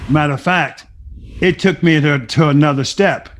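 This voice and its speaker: A middle-aged man with a somewhat high voice tells his recovery story to an interviewer. He talks with emphasis, like a testimony, and slips into the voices of people from his past as he retells their words. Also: moderate pace, a little hiss or hum. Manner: emphatic storytelling, acting out remembered dialogue. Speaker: guest sharing a recovery story. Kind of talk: personal testimony.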